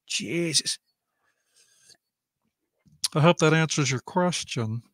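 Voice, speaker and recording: A man's voice: on the high side, animated, slow pace, a bit bright, dry recording, studio quality, full character voice. A man putting on an Irish accent to play an indignant, foul-mouthed Irish man who is exasperated at being asked. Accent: Irish (put on). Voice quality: blustering, profane, exasperated.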